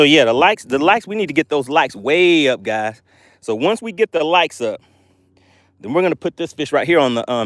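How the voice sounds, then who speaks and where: Excitable man hosting a fishing livestream. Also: a little high, no room sound. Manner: excitable, hyping, reads chat comments aloud. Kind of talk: excited live-stream commentary. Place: outdoors on a fishing boat.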